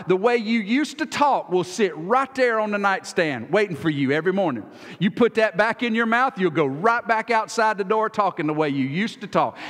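Here a pastor's high, fairly bright voice fills a big church sanctuary as he delivers his sermon. He keeps it homey and chatty, playing out small dialogues as he goes.

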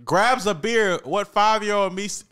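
A young man hosting a casual reaction chat, reading memes aloud with loud excited outbursts. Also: high voice, moderate pace, clear, resonant tone. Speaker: host.

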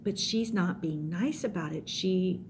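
Animated middle-aged woman preaching to youth. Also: on the low side, a little slow, background noise. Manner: animated, acts out scenes with voices. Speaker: youth pastor. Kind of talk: youth sermon.

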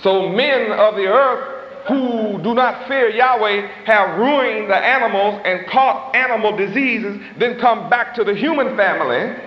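A man preaching a sermon in a dramatic, folksy style, stretching out words for emphasis, with chuckling asides and loose grammar. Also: high-pitched. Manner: dramatic, swooping emphasis, slow drawn-out stresses. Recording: echoey hall, muffled old tape.

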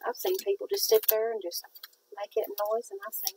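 Chatty woman with a gravelly voice. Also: fairly high pitch, very animated, a little fast, background noise. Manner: rambling, chatty, folksy. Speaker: craft vlogger. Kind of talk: casual chat while crafting.

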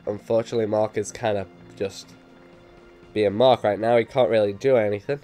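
A man with a Liverpool accent and a slight cold, giving excitable let's play commentary and yelping at his own mistakes. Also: brisk, faint music behind. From England. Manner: excitable, sudden high yelps at mistakes, self-mocking. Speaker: gamer.

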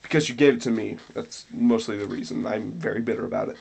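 This young gameplay commentator has a fairly low, gravelly voice with a darkish tone and a breathy edge, and he talks fast. As he plays, he rambles with sarcasm and throws in sudden mock-dramatic outbursts.

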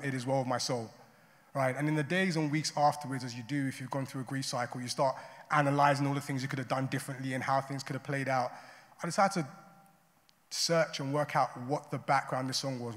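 A man's voice: mid-range voice, a bit bright. A man preaching a sermon as a pastor, in a conversational way, often adding "right?" and "you know". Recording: long hall reverb.

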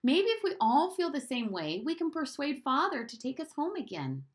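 A woman's voice: high-pitched, very animated, normal speed, voice pushed up. A woman voicing an indignant nine-year-old boy who whines and insists on answers. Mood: pleading. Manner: whiny, insistent questioning.

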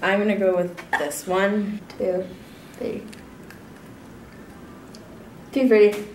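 A woman's voice: medium pitch, flat delivery, normal speed, darkish tone, slight background noise. A young woman hosting a casual challenge video, playful and bold, swearing freely. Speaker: channel host. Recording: echoey room, from off-mic.

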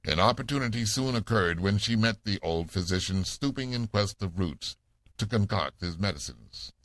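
A man narrating a classic novel summary in a measured, formal audiobook manner. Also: lowish voice, animated, fairly bright tone, no room sound.

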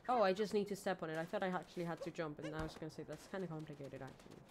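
A woman's voice: sits low, steady tone, racing, darkish tone. Female game streamer, casual rambling commentary, self-mocking, faint background hiss. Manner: chatty, rambling, self-mocking, swings from mumbles to squeals. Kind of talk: casual let's-play commentary.

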